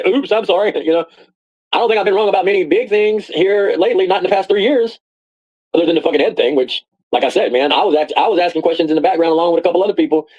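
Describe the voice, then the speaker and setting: Fast rambling foul-mouthed man. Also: high voice, a little mellow, low-quality recording. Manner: rambling and profane, repeats himself. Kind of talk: casual rant.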